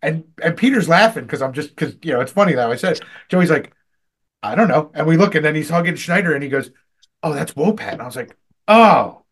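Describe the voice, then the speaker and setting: A fairly high-voiced man rambling through convention stories on a podcast, cursing freely. His voice jumps way up when he acts out what he said. Casual, loose chat. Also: fast talker, slightly rough. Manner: animated, swearing, loud jumps when quoting himself. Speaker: podcast co-host.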